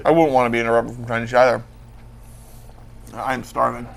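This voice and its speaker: A man hosting a casual comedy chat show, teasing his co-hosts in a deadpan way. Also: medium pitch, brisk, gravelly, a little hiss or hum. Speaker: host.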